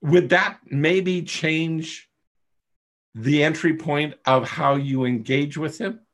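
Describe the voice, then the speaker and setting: Over a video call mic, a male coach leads a live online class at an unhurried pace. His fairly high, bright voice stays steady as he explains patiently and keeps checking in with attendees.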